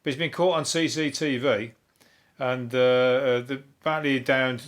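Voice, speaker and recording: A man with a Brummie accent from Birmingham, hosting a comedy podcast in a rambling, chuckling monologue with dry deadpan asides and free swearing. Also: medium pitch, moderate pace. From Birmingham, England. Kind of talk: casual topical comedy monologue.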